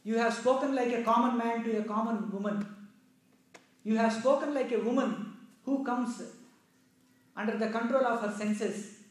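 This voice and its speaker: A man putting on a proud young queen, heartbroken and indignant, her raised voice pitched high and rising louder as she pleads. The words ring out through a heavily echoing room. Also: fairly even intonation, moderate pace, pauses often. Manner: impassioned pleading and reproach. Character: grief-stricken, indignant young queen, woman.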